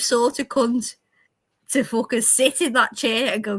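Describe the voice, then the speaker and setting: A woman chatting casually on a livestream panel, telling loud, sweary stories and laughing often. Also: on the high side, fairly even intonation, a little slow, poor audio. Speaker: streamer panel guest.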